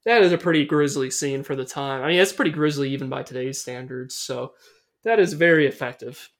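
A man's voice: medium pitch, a little fast. A young man casually recapping a horror film on a podcast, rambling and swearing, with lots of fillers. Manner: loose and rambling, swears a lot, many fillers. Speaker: podcast host. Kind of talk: casual movie recap chat.

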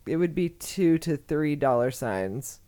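Low-voiced, exclamatory woman co-host. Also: animated, a little slow, dark tone. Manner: exclamatory, rambling, profane. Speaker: podcast co-host. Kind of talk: casual chat.

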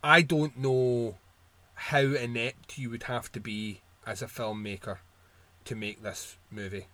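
Emphatic profane podcast host. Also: male voice, mid-range voice, steady tone, a little slow, sharp tone. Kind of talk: casual podcast chat.

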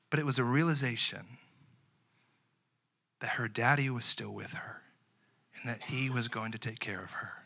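A young man preaching a sermon, switching between lively storytelling and hushed, earnest moments. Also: on the high side. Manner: animated preaching that swings between loud and hushed; casual, chatty storytelling with fillers. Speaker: pastor.

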